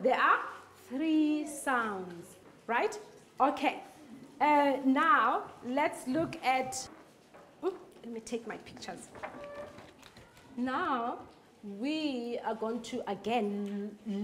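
High-voiced woman teaching phonics. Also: fairly bright tone, slight background noise. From South Africa. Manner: slow, repetitive, drawing out words while clapping. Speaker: foundation-phase teacher. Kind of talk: phonics lesson for young children. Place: classroom.

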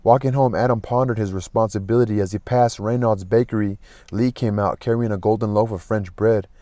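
A man reading a classic novel aloud as an audiobook, in a steady, unhurried way. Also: fairly low pitch, no room sound. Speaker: audiobook narrator.

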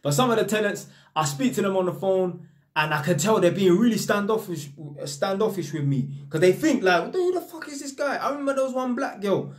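A young man with a London accent talks to camera in a loose, slangy monologue. His voice sits a bit high for a man, and he tells his stories with real energy. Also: fairly quick. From North London. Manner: slangy street talk, animated storytelling. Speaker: vlogger.

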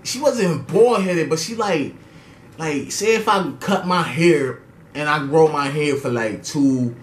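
A young man with a fairly high voice tells a casual story time. He talks in an animated, slangy, profane way. The room around him echoes, with a faint hiss underneath. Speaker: storytelling vlogger.

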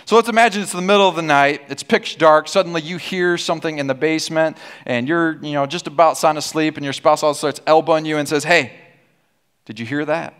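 A man's voice: on the high side, fairly even intonation, fast, hardly any pauses, fairly bright tone, smooth. A man preaching a sermon as pastor, with a sarcastic, humorous storytelling manner and call-and-response with the congregation. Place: church auditorium.

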